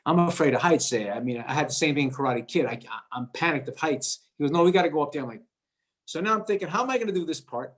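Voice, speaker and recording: Man telling a story with quick restarts. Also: fairly high pitch. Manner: lively anecdote-telling, acts out quoted voices, repeats words. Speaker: actor guest. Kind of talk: animated storytelling.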